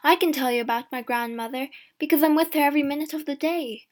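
A woman voicing a poor, quick-tempered young woman in a storybook, speaking defiantly, her voice rising when she is pressed. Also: high voice, voice pushed up, lightly acted.

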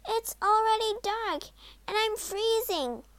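A woman voicing a frightened young girl in a read-aloud storybook, anxious and high. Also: unhurried, fairly bright tone, exaggerated voice. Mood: scared.

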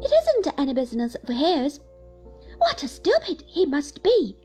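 A woman performing a frightened, pouting girl in a storybook reading. The voice is high and pleading, with wide swoops of pitch. Soft music sits faintly behind her. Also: wildly swooping pitch, moderate pace. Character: childish frightened young woman, pouting and coaxing.

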